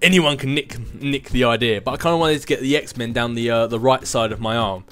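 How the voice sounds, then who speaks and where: A man's voice: mid-range voice, steady tone, fairly quick, a bit bright, soft background music. A young man in his twenties hosting a casual vlog and answering viewer questions in a rambling, chatty way, with self-mocking asides. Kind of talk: casual chat.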